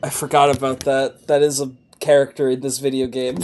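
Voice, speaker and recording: A man streaming a video game in casual commentary, exasperated and swearing, with sudden loud outbursts. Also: mid-range voice, flat delivery, brisk, a little hiss or hum.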